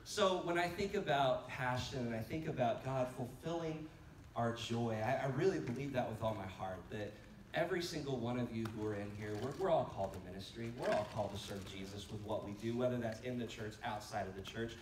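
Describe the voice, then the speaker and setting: A man preaches to a conference crowd, telling stories and jumping into animated quoted voices. He sounds set back from the mic in a roomy church hall, with faint noise underneath. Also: mid-range voice, a little fast, distant mic. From United States. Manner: storytelling, animated quotes, laughing asides. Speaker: pastor. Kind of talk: conference sermon. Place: church sanctuary.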